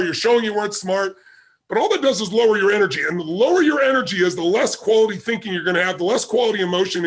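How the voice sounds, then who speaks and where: A man's voice: high-pitched, slightly rough. A man being interviewed as a guest, telling a story vividly and acting out the quoted dialogue. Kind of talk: animated anecdotal storytelling.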